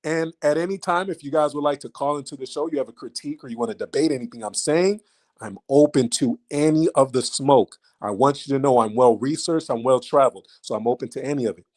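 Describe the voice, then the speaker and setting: A man hosting a live stream, talking straight to his viewers in an animated, mocking way and repeating lines for emphasis. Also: mid-range voice, quick pace.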